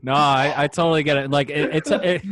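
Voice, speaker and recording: Male podcast host, lively casual storyteller, curses freely, dry close sound. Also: fairly high pitch, fast, dry recording. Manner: animated storyteller, swears casually. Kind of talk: casual interview chat.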